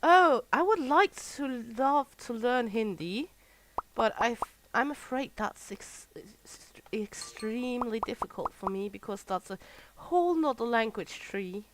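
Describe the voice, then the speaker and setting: A woman's voice: a little high, lively intonation, a little slow, noisy background. A Danish woman from Southern Jutland, chatting casually and laughing while she streams a game. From Southern Jutland, Denmark. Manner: chatty, rambling, laughs often. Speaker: gaming streamer. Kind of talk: casual chat while playing.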